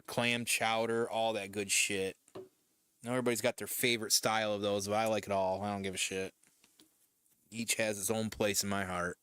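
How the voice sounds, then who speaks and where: A man's voice: fairly low pitch, flat delivery, moderate pace, fairly bright tone, clear, resonant tone. A man from Michigan streaming casual chat while painting, rambling loosely and swearing now and then. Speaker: streamer host.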